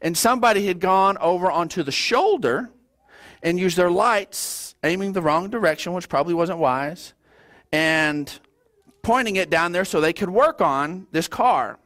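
A middle-aged man, preaching a sermon as a pastor, telling stories in a folksy, animated way with stammered restarts. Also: high-pitched, unhurried. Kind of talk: sermon with storytelling.

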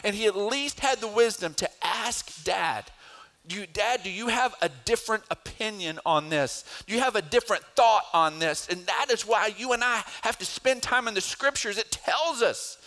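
Bright-voiced, high-pitched man preaching. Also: animated, moderate pace. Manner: storytelling, rising to emphatic preaching. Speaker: pastor. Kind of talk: sermon.

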